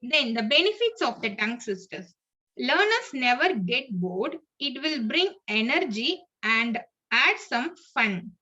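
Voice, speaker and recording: High, lively woman teaching pronunciation. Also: measured pace. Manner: reads list-like points with small slips and restarts. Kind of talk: lesson narration. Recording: muffled lo-fi audio.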